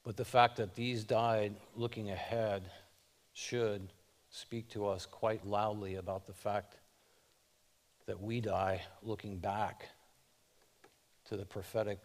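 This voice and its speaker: A pastor with a lowish voice preaches a sermon, reading scripture aloud. He speaks in short, measured phrases that build with rising emphasis.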